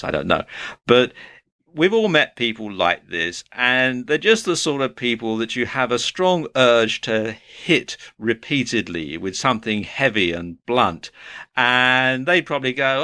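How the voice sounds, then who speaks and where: A man's voice: lowish voice, bright, forceful tone. Man giving earnest self-help advice. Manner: earnest, advising, conversational. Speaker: self-help video presenter. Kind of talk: motivational talk to camera.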